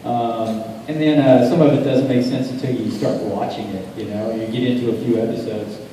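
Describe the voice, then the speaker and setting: A man's voice: mid-range voice, fairly even intonation, a little fast, warm tone. A man, a voice actor guest, answering fan questions in a laid-back, rambling way, laughing often. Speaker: voice actor guest at a convention panel. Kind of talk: casual convention Q&A storytelling. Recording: echoey convention hall, distant mic, noisy.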